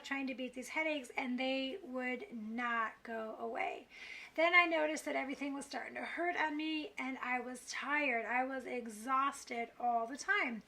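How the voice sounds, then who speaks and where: A woman's voice: high-pitched, creaky, pushed and bright. A middle-aged woman talking candidly to camera in a confessional vlog, frustrated and self-critical as she rambles. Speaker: vlogger.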